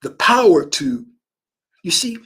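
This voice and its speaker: Husky, animated man preaching manifestation. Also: sits high, takes it slowly. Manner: preachy, storytelling, emphatic. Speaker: spiritual manifestation teacher. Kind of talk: motivational spiritual monologue.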